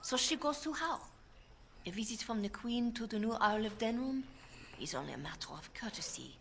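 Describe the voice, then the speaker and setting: A woman's voice: on the high side, lively intonation, moderate pace, creaky, fairly bright tone, a little hiss or hum. A woman voicing an anxious young handmaiden to a queen, speaking with a heavy French accent in an earnest, pleading way. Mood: urgent.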